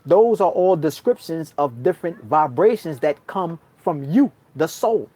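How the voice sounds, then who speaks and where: Animated slangy New York man. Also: unhurried, dry recording. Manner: slangy, calls the listener son and bruh; swings between loud outbursts and low murmurs. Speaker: spiritual vlogger. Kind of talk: casual storytelling monologue.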